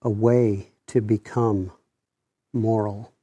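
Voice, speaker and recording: A man, a minister, speaking in a halting, conversational way with many pauses and fillers. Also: on the low side, level tone, mellow, slightly rough, no room sound. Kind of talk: conversational discussion.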